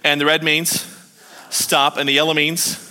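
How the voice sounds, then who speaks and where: Bright, high-voiced male pastor preaching. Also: normal speed. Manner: lively, joking, chuckles at his own points. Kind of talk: sermon. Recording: long hall reverb.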